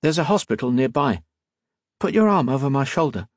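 A man voicing a brave, practical young woman in an audiobook, lifting his voice higher for her lines. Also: very animated, fairly quick, darkish tone, dry recording, studio quality. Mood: urgent. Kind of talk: audiobook character voice.

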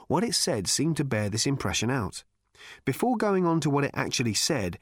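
A man narrating a story in scripted audiobook style, with a dry, wry, measured delivery. His pitch moves a lot, rising and falling across phrases. The recording is dead and close, with no room sound. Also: dry recording.

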